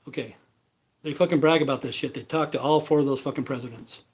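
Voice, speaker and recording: A man's voice: medium pitch, fairly even intonation, fast, husky. A man hosting a livestream, ranting casually in a blunt, profane way with lots of repeated fillers. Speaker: livestream host. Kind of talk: rambling casual rant.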